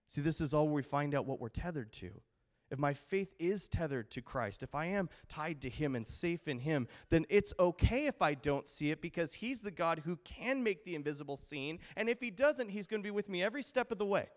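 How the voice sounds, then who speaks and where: A middle-aged male pastor with a slightly high voice preaches a little fast, telling stories and animatedly acting out quotes.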